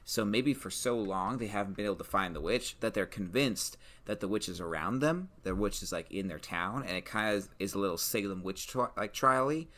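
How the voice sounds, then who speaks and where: Low-voiced man thinking aloud. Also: a little fast, hardly any pauses, fairly bright tone. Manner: thinking aloud, hesitant, many restarts. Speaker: podcast co-host. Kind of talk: casual brainstorming chat.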